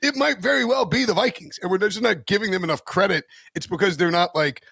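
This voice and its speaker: A man's voice: high-pitched, fast talker, vocal fry, a bit bright, slightly rough, dry recording, clean studio sound. A man co-hosting a sports betting show, rambling through his points with lots of restarts. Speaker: sports betting podcast co-host. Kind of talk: casual sports chat.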